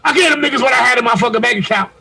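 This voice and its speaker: A man with a high, gravelly voice tells a long, foul-mouthed story over a video call. His tone is bright and sharp, and he raises his voice to act out each phone exchange. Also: very fast, slight background noise, poor audio. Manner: profane, animated storytelling, shouts when reenacting. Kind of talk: casual chat.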